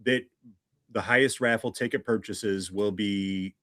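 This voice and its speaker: A chatty man hosting a livestream, greeting viewers by name in an easygoing way. His voice sits on the low side. The sound is dry and close, with no room around it. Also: fairly even intonation, measured pace, fairly bright tone, no echo. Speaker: livestream host. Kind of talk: casual livestream chat.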